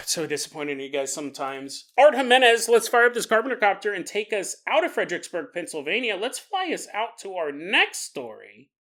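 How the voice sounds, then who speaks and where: A man's voice: high voice, big pitch swings, moderate pace, fairly bright tone. A man hosting a podcast, telling stories in a joking way and laughing through his sentences. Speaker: podcast host. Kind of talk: comedic storytelling podcast.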